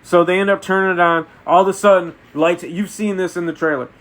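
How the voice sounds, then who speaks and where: A man reviewing a film in a comedic, deadpan way, retelling absurd story events. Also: sits high, brisk. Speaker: movie reviewer. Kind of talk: comedic spoken movie review.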